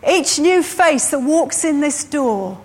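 A woman preacher delivering a sermon in a high voice. She takes her time, leaning on each phrase and repeating lines for emphasis. Her pace is slow and deliberate throughout. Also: expressive, a little mellow.

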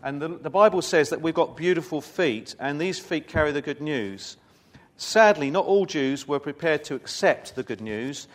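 A man's voice: a little high, animated, normal speed. A man giving a sermon, reading scripture aloud and breaking it up with informal, chatty asides to his congregation. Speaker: preacher.

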